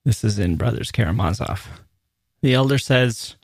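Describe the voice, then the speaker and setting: Male podcast host, warm mellow voice, dry close mic, reading a passage aloud. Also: on the low side, normal speed, dry recording.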